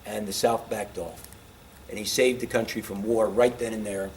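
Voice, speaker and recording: A man's voice: on the low side, fairly even intonation, moderate pace, a little mellow, a little hiss or hum. A man giving an informal history lecture to a live audience. He keeps quizzing listeners with questions and grows impassioned about his points.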